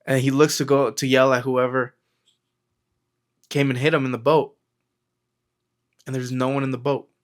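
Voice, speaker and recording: A man gives a laid-back motivational talk to camera on mindset, drifting from story to story with lots of fillers and quotes he plays out. He's a self-help vlogger whose mid-range voice stays flat at a normal speed, punctuated by long pauses.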